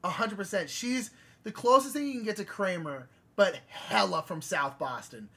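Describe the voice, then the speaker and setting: A man's voice: high voice, animated, normal speed, creaky, bright, forceful tone, breathy edge. A young man co-hosting a live game stream, chatting casually and telling rambling stories full of "like". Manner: rambling storyteller, lots of "like". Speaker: streamer co-host.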